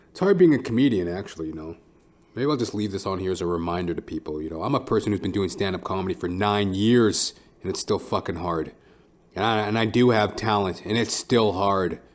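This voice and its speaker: A man's voice: low-pitched, a little fast. A man who is a stand-up comedian, hosting his own podcast in a blunt, profane, rambling monologue.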